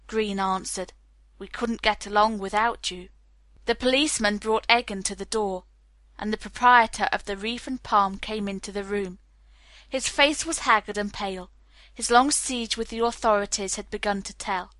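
Bright, dry-voiced woman narrating a novel. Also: on the high side, no room sound. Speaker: audiobook narrator. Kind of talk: scripted narration.

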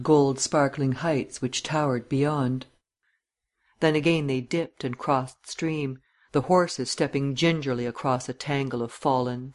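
A man narrating a literary audiobook in a measured, descriptive reading. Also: mid-range voice.

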